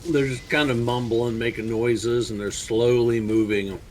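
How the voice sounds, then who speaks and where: Male game master, mid pitch, halting scene descriptions, faint line hiss. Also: fairly even intonation, a little mellow, poor audio. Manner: halting, repeats words while describing. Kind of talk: narrating a tabletop game over voice chat.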